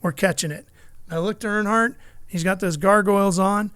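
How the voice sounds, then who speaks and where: In a casual chat, a middle-aged motorsports broadcaster from California tells stories with animation, acting out those he quotes. He speaks at a moderate pace in a high-pitched, clear, resonant voice with no room sound.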